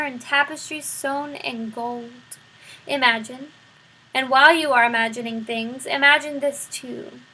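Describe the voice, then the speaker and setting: A woman reading a children's novel aloud, expressive and speaking straight to the listener. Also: sits high, rough recording. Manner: expressive, addresses the listener directly. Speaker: storybook reader.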